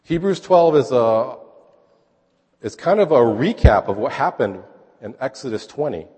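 A man's voice: medium pitch, lively intonation, a little slow, a little mellow, breathy edge, big-room sound. A man preaching a sermon, explaining scripture in a conversational way and checking in with his listeners. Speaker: pastor.

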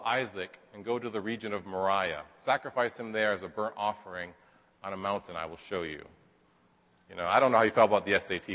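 A man's voice: lowish voice, a bit bright. Chatty male Bible teacher in a reverberant hall. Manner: casual and chatty, with asides and rhetorical questions.

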